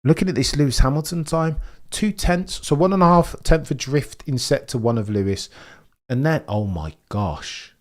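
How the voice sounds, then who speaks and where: A man casually commentating a race live, chatting to viewers and getting excited over lap times. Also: medium pitch, normal speed. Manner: chatty, excitable, talks to chat by name.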